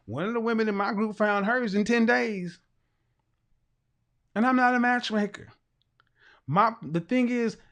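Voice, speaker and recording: A middle-aged man hosting a talk show, giving an emphatic lecturing monologue and repeating his points for weight. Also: sits high.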